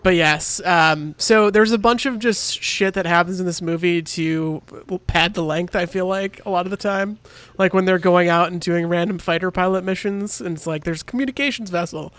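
A man's voice: high-pitched, fairly even intonation, normal speed, a bit bright, clear, resonant tone, no room sound. A man co-hosting a casual movie review chat, swearing freely, laughing often and acting out lines. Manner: profane, laughing, acts out lines. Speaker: podcast co-host.

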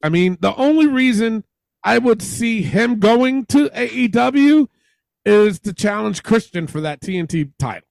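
A man's voice: high voice, lively intonation, measured pace, vocal fry, darkish tone, no room sound. A man hosting a podcast in casual chat, blunt and profane, who reads out listener posts. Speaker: podcast host. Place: home garage workspace.

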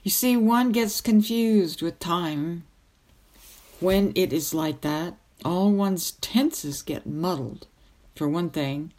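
A woman's voice: lowish voice, takes it slowly, a little mellow. A woman voicing an old male wizard tutor who lectures kindly but sternly in a storybook reading. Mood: musing.

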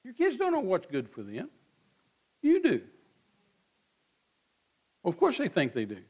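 A man's voice: high voice, huge pitch swings, a little slow, a little mellow. A man, preaching in church in a blunt, folksy way and acting out both sides of quoted back-and-forth. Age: 60s. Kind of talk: sermon.

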